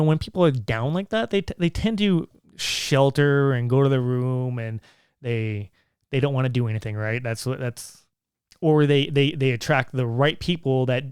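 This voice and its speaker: Earnest man with a smooth, clear voice. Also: medium pitch, darkish tone, no room sound, clean studio sound. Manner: earnest, reflective, halting with restarts. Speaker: single father vlogger. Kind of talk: personal storytelling to camera.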